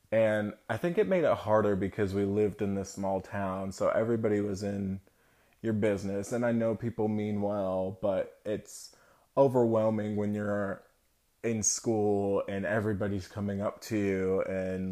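Speaking to his audience with a lowish, mellow voice, a young vlogger from the United States recounts something from his own life. He is frank and thoughtful, and his sentences come out hesitant and broken off.

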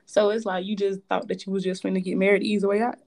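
A woman with co-hosting a casual chat, animated and slangy, laughing often. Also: medium pitch, very fast, creaky.

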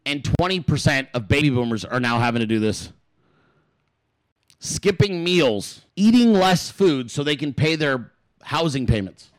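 A man hosting a political show, ranting in heated, profane commentary and repeating words for emphasis. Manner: swings in pitch and loudness.

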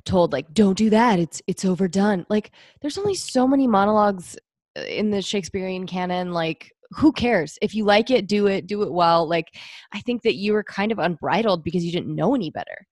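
A woman hosting a casual podcast interview, reacting quickly and encouraging her guest. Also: mid-range voice, expressive, no echo, clean studio sound. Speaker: podcast host.

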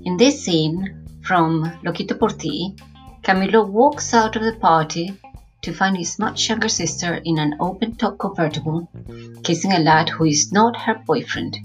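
A woman, a Spanish teacher, narrating a lesson, explaining phrases and repeating them slowly. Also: on the low side, faint music behind. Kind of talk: scripted language lesson narration.

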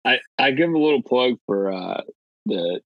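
A man's voice: medium pitch, expressive, moderate pace, no room sound. A man co-hosting a casual podcast in an easygoing way, trailing off with "uh". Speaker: podcast co-host. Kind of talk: casual chat. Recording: dull, dry close mic.

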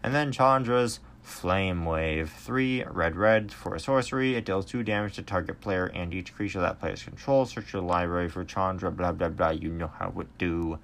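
A man in a casual card review monologue who gets excitable, flares louder at strong cards and stumbles over his words. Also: deep voice, normal speed, hardly any pauses. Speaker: trading card game reviewer.

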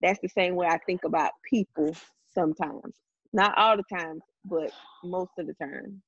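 Lower-voiced woman, thoughtful and reflective. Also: normal speed, husky, dry recording, highs cut off. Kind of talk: casual chat.

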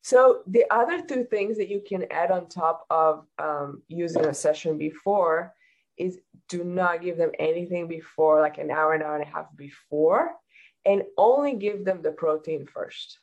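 Calm explaining woman, low voice. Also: measured pace, highs cut off. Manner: calm, explanatory, gives practical advice. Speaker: hypnotherapist guest. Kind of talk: casual interview chat.

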